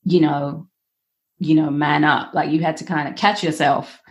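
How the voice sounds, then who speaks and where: Lower-pitched woman hosting chat. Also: steady tone, moderate pace, a little mellow. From Caribbean background. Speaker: podcast host. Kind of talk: casual interview chat.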